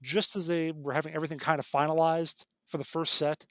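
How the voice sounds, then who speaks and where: Talking fast with a level tone, a middle-aged man with a fairly bright voice on the high side comes through without echo. A game designer appearing as a podcast guest, he tells rambling stories, often starting sentences over and fixing them as he goes.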